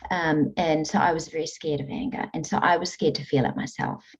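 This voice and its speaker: A woman with a lowish voice speaks in an interview, earnest and animated as she tells stories and explains her coaching ideas. The audio is dull and lo-fi. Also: fairly quick. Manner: earnest, animated storytelling with frequent laughs. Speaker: guest, emotional eating coach. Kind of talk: conversational interview.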